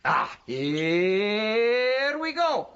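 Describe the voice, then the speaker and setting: A man playing a jolly vampire count who loves counting, with theatrical laughs and drawn-out delivery in a children's TV puppet show. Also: sits high, big pitch swings, exaggerated voice. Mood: suspenseful. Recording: dull audio with loud organ music.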